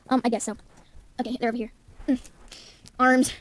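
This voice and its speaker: A woman's voice: on the high side, flat delivery, a little fast, no room sound. A woman narrating a homemade toy video casually, hesitant and offhand with many ums. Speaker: host.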